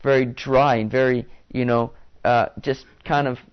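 A man's voice: mid-range voice, flat delivery, unhurried, clear, resonant tone. A man preaching a sermon to his congregation in a conversational way, often restarting phrases and adding fillers. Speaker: pastor. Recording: dull lo-fi sound.

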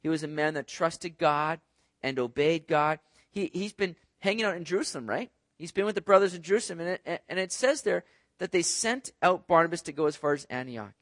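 A man's voice: a little high, animated, brisk, fairly bright tone, dry recording. A man preaching a sermon to a congregation in a conversational way, often checking in with "right?". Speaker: pastor. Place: church service.

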